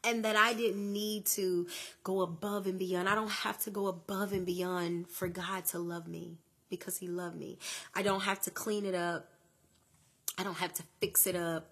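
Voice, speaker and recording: Bright, husky woman preaching on a podcast. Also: medium pitch, fairly even intonation, a little slow. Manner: conversational and preachy, calls listeners "listen" and "honey". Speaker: podcast host. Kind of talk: faith-based podcast monologue.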